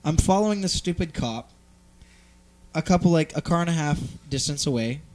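A man's voice: fairly high pitch, expressive, moderate pace, darkish tone. Rambling, profane male storyteller. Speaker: host. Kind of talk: casual chat, storytelling.

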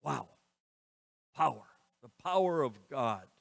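A man giving a sermon as pastor, moving between quiet passages and loud, emphatic lines. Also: mid-range voice, expressive, slow, vocal fry, dry recording. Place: church.

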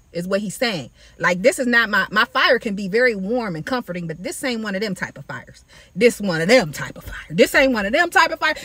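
A woman talks casually to her viewers about scripture, calling them baby and y'all in an animated, preachy way. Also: medium pitch, husky, dry recording. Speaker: faith video creator. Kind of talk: casual Bible-study talk to camera. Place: outdoors in sunlight.

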